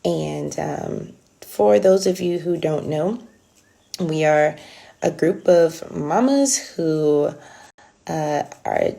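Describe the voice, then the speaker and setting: A woman's voice: sits low, slow, vocal fry, warm tone. A woman hosting a casual livestream close to her phone, chatty with many ums and restarts. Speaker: livestream host. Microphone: phone held close.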